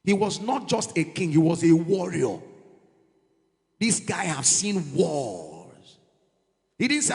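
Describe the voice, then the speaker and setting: A man preaches an animated sermon and slips into pidgin asides. His voice sits fairly high and carries a gravelly rasp. A long reverb from the church hall trails each phrase. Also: a little slow. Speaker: pastor.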